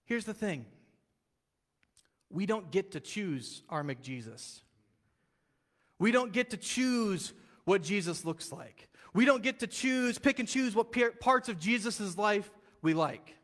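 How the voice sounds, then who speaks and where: A man preaching a sermon as pastor, telling the story in a lively, casual way and acting out the quotes. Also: high voice, slow pace, long reverb tail. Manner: animated storytelling, casual slang, acts out quotes. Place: church sanctuary.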